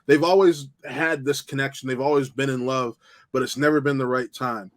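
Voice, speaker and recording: A man's voice: mid-range voice, steady tone, moderate pace. A man who works as a TV and film critic, thinking aloud in a casual review conversation.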